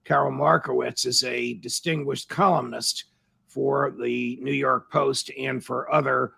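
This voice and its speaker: An older man hosts an interview with a heavily gravelly, husky voice and a bright, forceful edge. He speaks in formal, elaborate sentences. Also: medium pitch, fairly even intonation, a little slow. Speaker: host.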